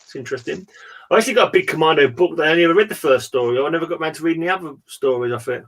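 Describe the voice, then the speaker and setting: A man's voice: on the high side, very fast. Guy on a video call hangout, chatty, rambly, kinda trails off. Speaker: podcast host. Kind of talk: casual chat.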